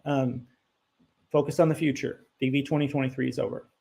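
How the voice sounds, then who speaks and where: A man with a gravelly, creaky voice at an ordinary middle pitch hosts a live question-and-answer stream. He talks in a loose, conversational way, thinking aloud and correcting himself, and turns blunt and emphatic when he sets a misconception straight. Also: fairly even intonation, quick pace, a little mellow. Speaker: immigration attorney hosting a live Q&A.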